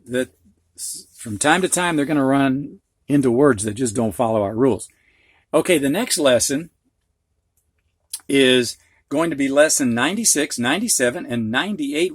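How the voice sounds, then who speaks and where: A man's voice: mid-range voice, husky, no room sound, studio quality. A man with a Midwestern accent teaching a phonics lesson, patiently explaining words with examples and asides. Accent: Midwestern American. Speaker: reading teacher.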